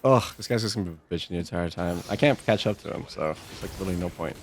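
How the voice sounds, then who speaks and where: A man streaming live and reacting to his game in quick, exclamatory bursts, often scolding himself. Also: low voice, slight background noise. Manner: reactive, exclamatory, self-critical. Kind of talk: live gameplay commentary.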